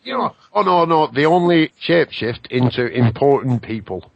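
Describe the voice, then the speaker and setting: A man hosting a casual radio talk show, joking and rambling with an animated, mocking manner. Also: fairly high pitch, normal speed, creaky, no room sound, lo-fi sound. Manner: animated, jokey, rambling with laughs.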